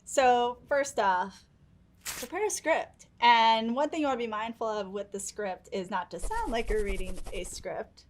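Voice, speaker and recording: Young woman guest, chatty and upbeat, voice on the higher side. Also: measured pace, slight background noise. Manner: chatty, laughs often, upbeat. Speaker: guest giving presentation tips. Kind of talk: casual chat.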